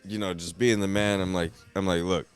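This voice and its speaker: A man's voice: low voice, steady tone, a little fast, clear, resonant tone, soft background music. A man guesting on a podcast, chatting casually, swearing and stumbling over repeated words. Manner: profane, laughs along, stammers on repeats. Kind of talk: casual chat.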